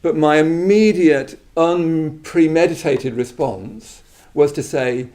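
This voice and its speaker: A middle-aged man from England giving a reflective Buddhist talk, halting and full of restarts, with quiet trailing asides. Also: fairly high pitch.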